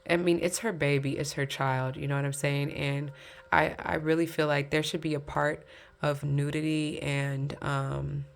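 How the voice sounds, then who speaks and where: A woman's voice: low-pitched, flat delivery, moderate pace, vocal fry. A woman giving a casual pick-a-card tarot reading, chatty and candid, talking straight to her viewers and laughing between points.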